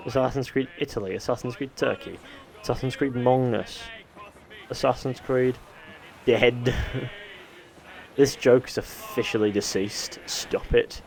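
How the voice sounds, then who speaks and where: A man's voice: medium pitch, unhurried, creaky, pauses often, darkish tone. A man from northwest England with a Manchester accent, live-streaming a game, reading chat aloud and joking in a rambling way.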